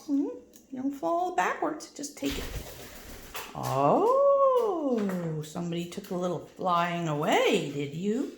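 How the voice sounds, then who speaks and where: A woman's voice: big pitch swings, moderate pace, gravelly. Sing-song woman coaxing her pet bird. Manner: coaxing sing-song baby talk with sudden high squeaks. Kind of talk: baby talk to a pet. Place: room at home. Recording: echoey home room, faint noise.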